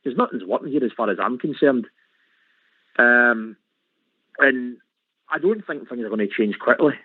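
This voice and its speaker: A man's voice: medium pitch, lively intonation, moderate pace, no echo. A Scottish man calling in to a radio show, frustrated and saying aye a lot. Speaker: caller. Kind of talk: phone-in call. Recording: tinny phone line.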